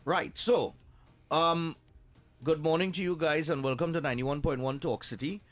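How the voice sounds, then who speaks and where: A man's voice: fairly high pitch, moderate pace, no echo. A man hosting live radio, chatting and teasing students in a jovial, loose way. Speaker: radio host.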